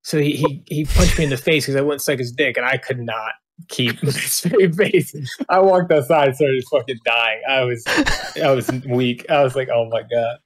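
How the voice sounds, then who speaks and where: A man's voice: medium pitch, normal speed. Blunt laughing police officer man. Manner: laughing storyteller, blunt and profane. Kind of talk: casual podcast chat.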